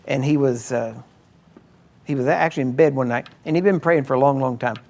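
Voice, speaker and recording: A man's voice: mid-range voice, a little fast, darkish tone. A man pastor preaching a sermon emphatically, often checking in with his listeners. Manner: emphatic, checks in with frequent questions.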